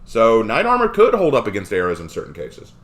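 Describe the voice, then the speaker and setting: A low-voiced man hosting a live reaction stream, answering chat questions off the cuff. His pitch swings widely, from mumbled asides to excited outbursts. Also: fairly quick. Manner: animated, rambling, with frequent fillers.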